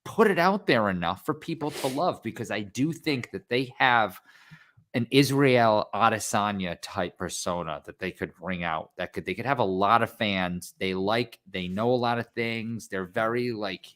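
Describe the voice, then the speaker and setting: A man with a somewhat low voice chats about fighters on a podcast. He talks casually and haltingly, often repeating a word before he finishes a thought. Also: fairly bright tone. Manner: halting, repeats words as he thinks aloud. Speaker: podcast co-host or guest. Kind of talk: casual sports podcast chat.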